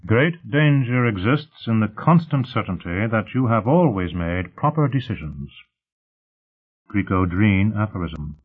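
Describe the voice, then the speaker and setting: A man reads an audiobook in a husky, fairly low voice. His pitch moves in a lively way, but the sound stays thin and phone-like. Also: unhurried. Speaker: narrator. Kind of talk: audiobook narration.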